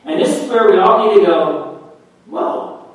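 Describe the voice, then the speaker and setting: A male pastor preaching a sermon, slow and emphatic, often dropping to a hush. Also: high-pitched, very animated. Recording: very echoey room, heard from a distance.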